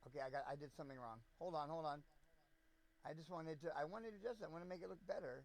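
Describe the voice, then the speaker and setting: A man's voice: fairly high pitch, fast, creaky, poor audio. A young man streaming a video game, rambling, joking and swearing freely as he plays. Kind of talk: casual game commentary. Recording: background noise.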